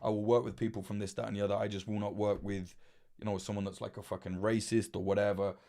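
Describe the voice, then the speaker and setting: A man's voice: lowish voice, little pitch movement, fast talker, creaky, warm tone. A man in his late twenties, chatting casually on a livestream, rambling with lots of fillers and swearing. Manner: rambling, swears freely, many fillers and restarts. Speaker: livestream host.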